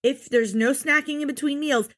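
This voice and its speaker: A woman's voice: high voice, moderate pace, a bit bright. A woman co-hosting a podcast, recapping a show in casual chat, exasperated and swearing often as she acts out what people said. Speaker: podcast co-host.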